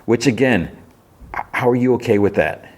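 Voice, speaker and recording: A man's voice: mid-range voice, normal speed, darkish tone. A man hosting a podcast, casually recapping a TV episode in a rambling way with many restarts. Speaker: podcast host.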